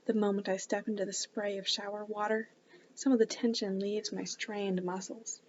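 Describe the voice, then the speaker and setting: A woman casually reading a novel aloud in a soft, hushed voice, stopping now and then for chatty asides. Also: mid-range voice, flat delivery, moderate pace, dull audio, slight background noise. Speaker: book club reader.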